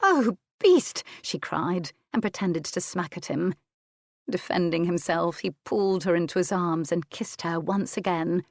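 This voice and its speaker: A woman narrating an audiobook of a romance novel with a slow, sensual, deliberate reading. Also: lowish voice, steady tone, darkish tone, dry recording.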